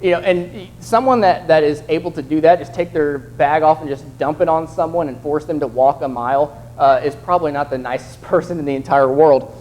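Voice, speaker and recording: A man's voice: on the high side, fairly quick, hardly any pauses, darkish tone, slight background noise, low-quality recording. Conversational young man preaching a sermon. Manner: conversational, acts out quoted voices.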